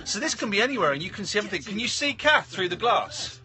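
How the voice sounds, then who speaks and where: Cheeky high-voiced radio host. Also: male voice, quick pace. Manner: cheeky, excitable, bursts into shouting. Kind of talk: casual banter on a live stream. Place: radio station offices and studio.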